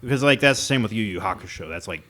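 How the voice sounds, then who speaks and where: A man's voice: lowish voice, expressive, fast, sharp tone. A man co-hosting a podcast in casual chat, hesitant and often trailing off with fillers. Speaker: podcast co-host.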